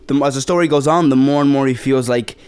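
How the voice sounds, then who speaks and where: A man's voice: medium pitch, quick pace, a little mellow, clear, resonant tone. A young man in his twenties from the Bronx, an actor guest chatting casually in an interview, rambling with lots of fillers and restarts. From the Bronx, New York. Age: 20s.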